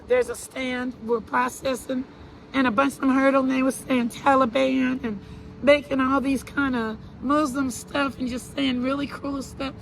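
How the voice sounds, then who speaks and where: Woman, high voice, earnest, halting and repetitive, interview guest. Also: creaky, slight background noise, low-quality recording. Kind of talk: personal account in an interview.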